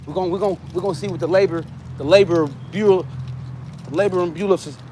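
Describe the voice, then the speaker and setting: A fast-talking American man with a high, steady voice hosts a casual livestream over a lot of noise. He's tired and yawning but stays loose and jokey, using slang and answering comments from chat.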